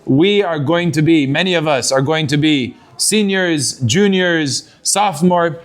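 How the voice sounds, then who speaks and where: High-voiced rabbi telling a story. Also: male voice, unhurried. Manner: animated storytelling, mixing in Hebrew terms. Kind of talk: sermon to students.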